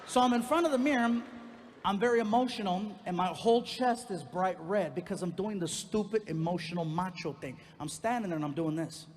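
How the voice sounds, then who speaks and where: A man doing stand-up comedy, telling a long personal story in an animated way and leaping into loud high voices for his characters. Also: fairly quick. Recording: reverberant venue with faint background noise.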